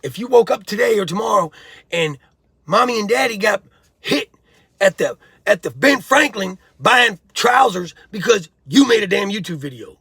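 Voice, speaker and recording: A man with a high, slightly rough, gravelly voice, pushed and bright, talks at a moderate pace with lively intonation in a dry studio-quality recording. As host of a prison-life commentary channel, he preaches bluntly to viewers in streetwise slang, calling them bro and homie.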